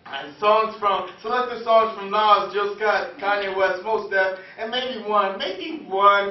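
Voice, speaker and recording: A man's voice: high-pitched, slight background noise. A man from New Jersey performing spoken word poetry in an earnest, confessional, rhythmic way. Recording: echoey room, far from mic, dull lo-fi sound.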